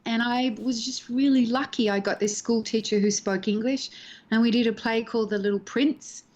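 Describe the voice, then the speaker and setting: Over a video call, a middle-aged Australian actress tells stories in a casual interview, doing the voices of the people she quotes. Her voice is a little high and moderately paced, and the sound is lo-fi.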